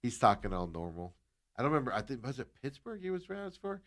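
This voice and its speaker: A man co-hosting sports talk radio, telling stories in an excitable, animated way. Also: medium pitch, quick pace.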